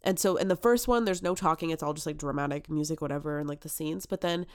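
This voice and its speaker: A woman co-host chats casually on a podcast. She speaks in an animated, lively way and keeps coming back to rhetorical questions. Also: deep voice, fast talker. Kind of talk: casual chat.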